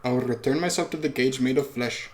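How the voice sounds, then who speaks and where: A man's voice: mid-range voice, brisk. A young man reading a visual novel aloud, with casual, offhand asides. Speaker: podcast host.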